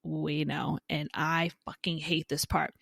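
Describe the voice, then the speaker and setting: A woman's voice: low-pitched, little pitch movement, unhurried, vocal fry, fairly bright tone, slightly rough, no echo, studio quality. A woman co-hosting a podcast, recapping a book chapter by chapter in a chatty way, swearing freely and reading out quoted lines. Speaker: podcast co-host.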